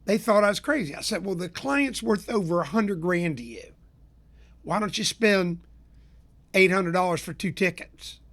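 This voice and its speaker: At a normal speed, this Tampa-area show host and business consultant delivers a folksy, energetic storytelling rant about sales. His fairly high voice animates the people in his consultant-style tales for his listeners.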